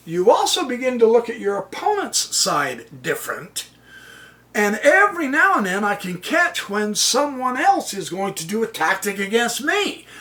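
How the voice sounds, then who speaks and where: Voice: mid-range voice, a bit bright, distant mic. A chess channel host giving casual commentary on their own game, chuckling often and exclaiming with delight at the opponent's moves.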